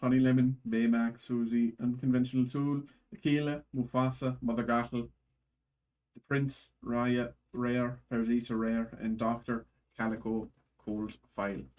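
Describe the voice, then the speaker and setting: A man hosting a live stream card break, reading off card names in quick lists and chatting with his viewers. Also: mid-range voice, flat delivery, darkish tone. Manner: chatty with chat viewers, thanks buyers. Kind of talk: live stream pack opening.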